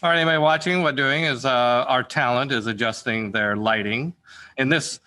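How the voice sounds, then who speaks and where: A man's voice: mid-range voice, moderate pace, pushed and bright. A man directing a voice-acting session in a casual, encouraging way, restarting his sentences often.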